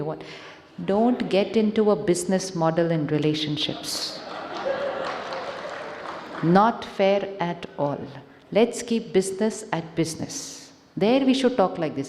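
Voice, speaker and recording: A woman with an Indian accent giving a calm spiritual talk, asking questions of a live audience and slipping in Hindi phrases. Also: lowish voice, normal speed, slight background noise. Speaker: spiritual speaker. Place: large conference hall. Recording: echoey hall, long reverb.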